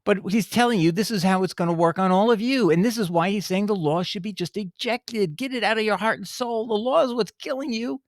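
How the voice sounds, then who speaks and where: A man with a high voice preaches fervent, scolding commentary on scripture, pressing each point hard and wandering off into digressions. The sound is dry and close, with no room around it. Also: fairly quick, hardly any pauses, no room sound. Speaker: bible teacher.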